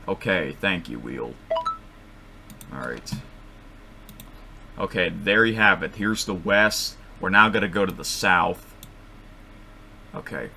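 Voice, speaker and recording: A man thinking aloud as he makes picks at his computer microphone, rambling and correcting himself, with sudden excited outbursts. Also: deep voice, gravelly, slight background noise. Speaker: vlogger making bracket picks. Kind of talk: casual thinking-aloud commentary.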